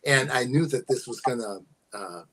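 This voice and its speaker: An older man, a podcast guest, telling personal stories in casual talk, unhurried and halting with many fillers. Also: medium pitch, pushed and bright, low-quality recording. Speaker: guest, host's father. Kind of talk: casual storytelling.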